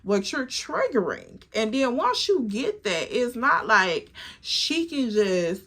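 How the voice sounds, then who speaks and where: A woman in her twenties telling a casual storytime, animated and profane. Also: on the high side, takes it slowly. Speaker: vlogger.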